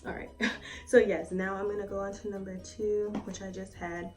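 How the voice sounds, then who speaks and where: A woman's voice: medium pitch, flat delivery, normal speed, distant mic. Woman, casual beauty vlogger, swears freely, rambling, voice a bit off-mic, faint music behind. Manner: chatty, swears freely, lots of "like" and "um". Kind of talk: casual try-on review.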